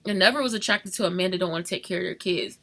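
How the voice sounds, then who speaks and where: A young woman in an emotional confessional vlog, crying and talking softly at home. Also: fairly low pitch, very fast. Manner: tearful, shifting between crying, soft whispers and rueful laughs. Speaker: vlogger. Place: home at night.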